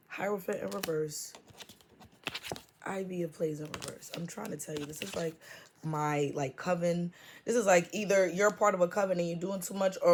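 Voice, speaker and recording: A woman's voice: fairly low pitch, a little mellow, a little hiss or hum. A young woman giving a tarot reading in loose, slangy, profane casual talk, full of fillers like "like" and "okay?". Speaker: tarot reader.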